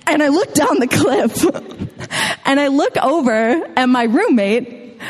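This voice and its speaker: A woman's voice: high-pitched, sing-song, takes it slowly, in a large hall, a little hiss or hum. A young woman telling a true story live on stage to an audience, chatty and casual with plenty of filler words.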